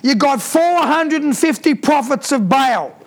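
A man's voice: very high-pitched, animated, measured pace, vocal fry. A man preaching a sermon, reading scripture aloud and breaking off to comment with emphatic repeated phrases and rhetorical questions.

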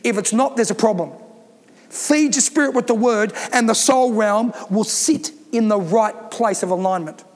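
Man, pastor, very high voice, emphatic repetitive sermon, long echo in a church hall. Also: moderate pace.

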